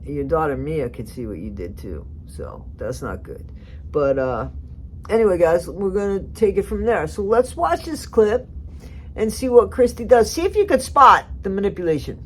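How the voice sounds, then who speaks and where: A woman's voice: fairly low pitch, sing-song, normal speed, slight background noise. A woman giving casual, rambling commentary on a TV clip, chatty with sarcastic asides. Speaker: commentary vlogger.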